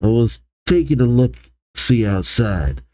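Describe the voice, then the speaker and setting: A man's voice: medium pitch, very animated, unhurried, mellow, no room sound. A man voicing a laid-back male punk who keeps a storage system, drawling and easygoing. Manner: drawling, easygoing, says "for real".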